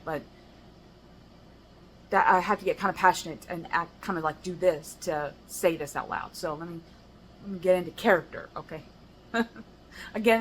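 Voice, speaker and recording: Low-voiced American woman reading poetry. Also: fairly bright tone, slight background noise, poor audio. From United States. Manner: measured rhyming recitation broken by chatty, laughing asides. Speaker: poet. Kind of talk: poetry reading with casual commentary.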